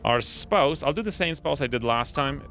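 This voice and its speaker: A man's voice: medium pitch, expressive, normal speed, bright, forceful tone, soft background music. A man hosting a let's play video, giving casual, upbeat commentary and explaining his plans as he plays. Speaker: gaming channel host.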